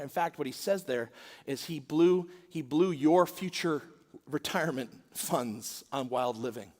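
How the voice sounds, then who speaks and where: A high-voiced pastor delivers a sermon to his congregation at an unhurried pace, swinging dramatically between quiet, intimate asides and loud, acted-out quotes. His voice rings through a large church auditorium with long reverb.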